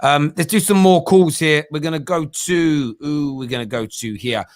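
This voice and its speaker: A man's voice: fairly high pitch, moderate pace, no echo, studio quality. A man hosting a fan phone-in show, talking in a conversational way with frequent restarts. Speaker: host.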